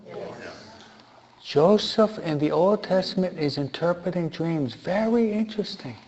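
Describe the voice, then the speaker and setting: A man's voice: high voice, unhurried, a little mellow. A man giving informal Bible teaching who asks his listeners rhetorical questions and repeats key points for emphasis. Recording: dull lo-fi recording.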